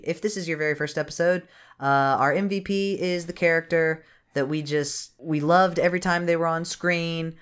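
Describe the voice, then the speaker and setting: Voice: mid-range voice, fairly bright tone, clear, resonant tone. A podcast co-host in casual chat who laughs often and trails off mid-sentence.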